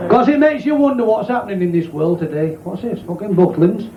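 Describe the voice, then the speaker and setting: A man's voice: high voice, animated, a little fast, a loud crowd, heavy background noise. A man with a Yorkshire accent doing a crude, cheeky stand-up routine and laughing at his own jokes. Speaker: stand-up comedian. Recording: echoey, dull lo-fi club recording.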